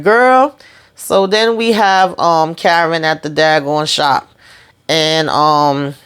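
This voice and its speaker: Chatty woman recapping TV with a smooth voice. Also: lowish voice. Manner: chatty, retells scenes acting out characters' lines; laughs often, slangy asides. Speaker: TV episode recapper. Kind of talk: casual recap vlog.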